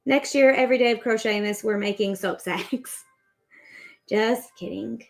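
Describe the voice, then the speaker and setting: A woman's voice: on the high side, measured pace, gravelly, soft background music. A woman in her thirties hosting a crochet livestream, chatting in a rambling, upbeat way while she works. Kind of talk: casual chat while crocheting.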